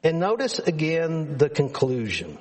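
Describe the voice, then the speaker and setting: A man delivers a sermon in a high voice that rises and falls widely. He speaks slowly and earnestly, pressing his points by repeating words. His tone is emphatic throughout. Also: wildly swooping pitch, a little mellow. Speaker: preacher.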